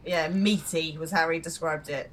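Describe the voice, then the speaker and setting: Chatty British woman, quick to laugh. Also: low voice, steady tone, a bit bright. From Britain. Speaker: podcast co-host. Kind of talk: casual chat.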